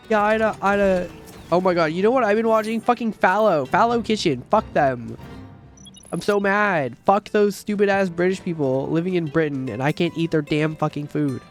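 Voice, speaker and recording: A man's voice: high-pitched, soft background music. Profane, rambling male game streamer. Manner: profane, rambling, quick bursts of shouting. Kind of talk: casual livestream chat while gaming.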